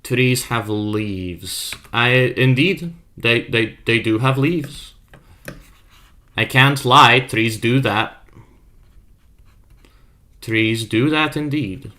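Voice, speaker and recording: Bright-voiced playful man streaming. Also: mid-range voice, drawn-out words, long pauses. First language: not English. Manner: playful, trolling, reads chat aloud and riffs; self-described custom made-up accent. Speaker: art streamer. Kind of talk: casual live-stream chat.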